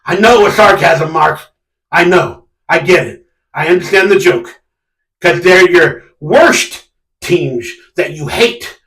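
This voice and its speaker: High-voiced guy ranting on his fan stream, yells when annoyed, kinda far from the mic. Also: takes it slowly. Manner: animated, sarcastic, yells in exasperation. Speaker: sports fan channel host. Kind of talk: casual live-stream rant. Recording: echoey room, a bit off mic.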